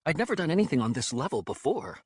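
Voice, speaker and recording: Man narrating audiobook, expressive, lively pitch, husky, dry close sound. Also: fast talker, dry recording. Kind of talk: scripted narration.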